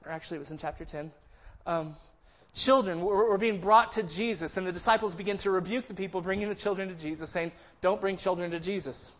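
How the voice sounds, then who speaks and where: A man's voice: high voice, fast, few pauses, fairly bright tone. A man preaching a sermon in a conversational way, often restarting phrases and acting out quoted voices. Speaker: pastor.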